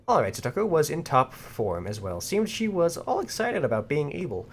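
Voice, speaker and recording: A man's voice: a little high, big pitch swings, normal speed, few pauses, faint music behind. A man streaming himself reading a visual novel aloud, voicing characters and joking between lines.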